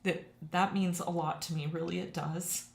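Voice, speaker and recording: A woman's voice: fairly low pitch, steady tone, normal speed, gravelly. A woman watercolor teacher wrapping up a live stream in casual chat, emotional and given to laughing. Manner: chatty, emotional, laughs often. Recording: echoey room.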